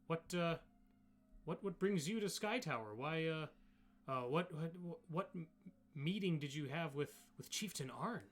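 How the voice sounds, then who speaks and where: Man voicing a friendly goliath bruiser: higher, louder, hearty and halting. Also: expressive. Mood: curious. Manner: hearty, halting, keen to compete. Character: eager friendly male goliath warrior.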